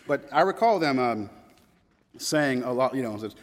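In a hall with long reverb, a Louisville, Kentucky public speaker around fifty recounts a personal story in an animated, conversational manner, restarting often and quoting people, his mid-range voice at normal speed.

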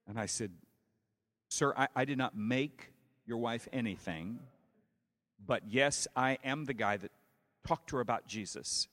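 A male preacher telling a story in a sermon, with dramatic swings from hushed to loud. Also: medium pitch, lively intonation, normal speed, in a large hall.

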